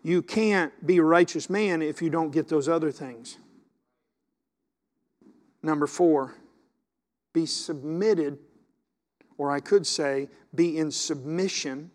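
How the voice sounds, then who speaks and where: A man preaching a sermon as pastor, swinging from hushed asides to loud, impassioned exhortation. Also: a little high, slow pace, long pauses.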